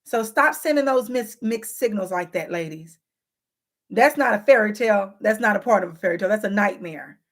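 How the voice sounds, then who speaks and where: A woman's voice: medium pitch, expressive, fairly quick. A woman talking straight to her viewers in a casual advice vlog, frank and teasing, acting out both sides of everyday arguments. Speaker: relationship advice vlogger.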